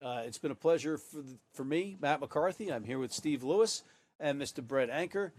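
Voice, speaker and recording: A man's voice: a little high, animated, normal speed, darkish tone. A man calling a college rugby broadcast as the play-by-play commentator, chatting with his partner and throwing to the sideline reporter. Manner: easygoing, hands off to the sideline.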